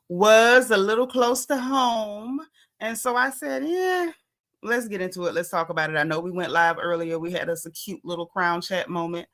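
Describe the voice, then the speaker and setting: A middle-aged woman hosts a casual livestream. Her voice is bright and forward, pitched a little low, and she greets each viewer by name in easy, chatty talk. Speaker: livestream host.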